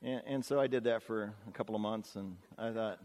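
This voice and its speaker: Earnest middle-aged pastor, long church reverb. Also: male voice, fairly low pitch, fairly quick, a little mellow. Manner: folksy, earnest, chatty, with frequent 'uh' and 'you know'. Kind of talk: conversational storytelling sermon. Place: church sanctuary.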